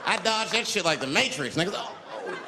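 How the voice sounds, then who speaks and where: A man performs stand-up in a large venue, his high voice swinging wildly as he tells a crude story and bursts into shouted voices. Long reverb hangs on his words while a crowd laughs loudly around him. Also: brisk. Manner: profane, animated, acts out characters with shouts. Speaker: stand-up comedian. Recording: live hall with crowd noise and reverb.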